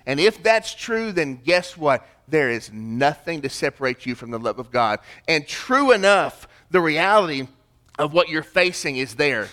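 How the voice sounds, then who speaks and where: A male pastor preaching with a somewhat high voice. He delivers his sermon emphatically, rising to loud declarations and then dropping to a hush. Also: big pitch swings, measured pace. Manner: emphatic preaching, swings between loud and hushed.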